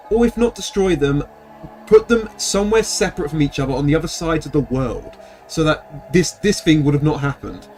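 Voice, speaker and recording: A man streaming a video game, chatting to viewers in an animated, rambling way. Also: a little high. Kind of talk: casual gameplay commentary.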